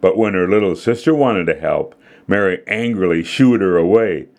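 A man hosting and narrating a scripted children's devotional story in a gentle, measured way. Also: deep voice. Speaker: host and narrator.

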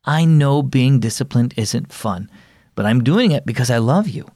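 A man voicing a mother who gently scolds her son in a children's story reading. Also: mid-range voice, expressive, moderate pace, no echo, clean studio sound, lightly acted. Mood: tender. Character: firm but loving mother.

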